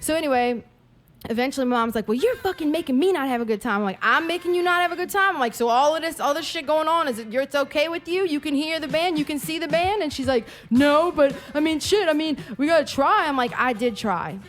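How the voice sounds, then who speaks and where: Animated, high-voiced woman telling a story. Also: fast. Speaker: podcast co-host. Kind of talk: casual chat.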